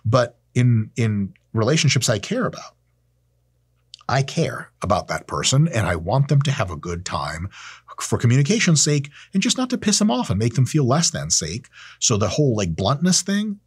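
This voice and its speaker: A man in his thirties talks straight into the camera in a loose, profane rant, dripping with sarcasm. His voice is husky and slightly breathy, swinging widely up and down in pitch. The sound is dry and close, with no room around it. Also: sing-song, moderate pace, dry recording. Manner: profane, sarcastic, acts out quoted people in silly voices. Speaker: host. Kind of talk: casual monologue to camera. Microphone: camera mic, close.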